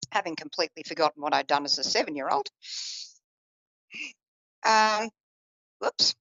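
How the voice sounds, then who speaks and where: A woman's voice: normal speed, long pauses, dry recording, lo-fi sound. A woman psychic telling a personal family story on a radio show, acting out the people she quotes. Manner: lively, acts out quoted family voices in a raised pitch.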